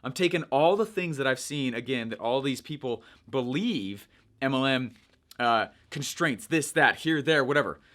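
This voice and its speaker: A young man coaching viewers in a chatty, energetic way, checking in with "right?" as he explains. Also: mid-range voice, moderate pace. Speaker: online marketing coach. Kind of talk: casual teaching monologue.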